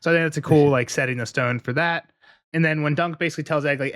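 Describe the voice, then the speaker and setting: A man's voice: a little high, steady tone, quick pace, a bit bright. A man co-hosting a podcast, chatting casually about a book with rambling asides and frequent laughter. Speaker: podcast co-host.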